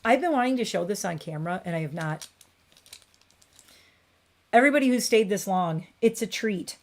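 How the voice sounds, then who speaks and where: A woman's voice: medium pitch, animated, normal speed. A woman in her forties chatting casually on a beauty livestream from her home bathroom, rambling and cooing at her cat.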